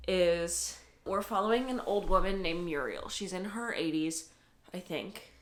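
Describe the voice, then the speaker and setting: A young woman book vlogger chats casually, emotional and teary, close to crying, while laughing often and swearing. Her voice is on the low side, expressive, unhurried and fairly bright.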